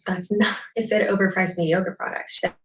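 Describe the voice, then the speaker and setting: A woman's voice: mid-range voice, fairly even intonation, a little fast. A woman talking defensively and incredulously in a casual vlog. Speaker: youtuber. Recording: echoey room, distant lo-fi mic.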